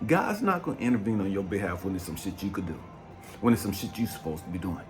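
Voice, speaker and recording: A man in his fifties, a life coach giving a blunt, profane motivational talk. He swings from low brooding to loud, fired-up preaching. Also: sing-song, quick pace, soft background music. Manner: blunt and profane, keeps asking "you know what I mean". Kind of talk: impassioned motivational monologue.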